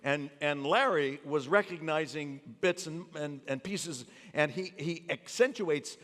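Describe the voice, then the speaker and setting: A man spins animated stories about his work on a theater stage, his voice sitting a little high. He jumps into the voices of the people in his tales. The sound rings out with the long reverb of a big hall. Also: a little slow. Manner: animated anecdote teller, acts out quotes. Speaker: actor discussing his memoir. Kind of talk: storytelling on stage. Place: theater stage before a live audience.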